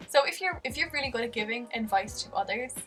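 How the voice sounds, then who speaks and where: A woman's voice: a little high, lively intonation, quick pace, distant mic, poor audio. Rambling, candid young Irish woman vlogger. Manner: rambling and candid, many fillers, soft laughs. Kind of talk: casual confessional talk to camera. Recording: music faintly behind, voice a bit off-mic.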